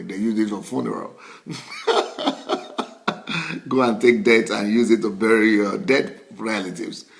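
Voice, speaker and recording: A middle-aged man, a pastor, preaching a sermon in a conversational way, repeating key phrases and chuckling between points. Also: fairly low pitch.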